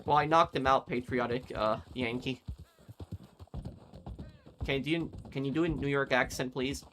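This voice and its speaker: A man's voice: mid-range voice, fairly even intonation, a little slow, a bit bright, slight background noise. A young man streaming a game, casually chatting as he reads viewer comments, rambling and digressing as he goes. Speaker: gaming streamer. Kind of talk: casual chat reading live comments while gaming.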